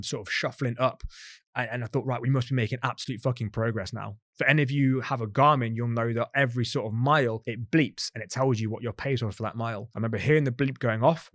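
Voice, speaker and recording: A man's voice: medium pitch, no echo, studio quality. A British man telling a personal endurance story as a podcast host, candid and conversational, swearing freely and restarting his sentences. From Britain. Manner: candid, expletive-laden, conversational with frequent restarts.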